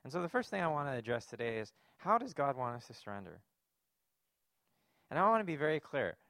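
A man's voice: mid-range voice, big pitch swings, brisk, bright, forceful tone, dry recording, clean studio sound. A man preaching a sermon, earnest and emphatic, posing rhetorical questions to his congregation. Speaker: pastor.

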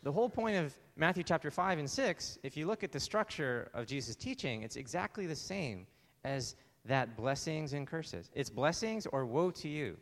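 A pastor preaching a conversational sermon, asking the congregation rhetorical questions. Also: male voice, on the high side, animated, moderate pace, in a large hall.

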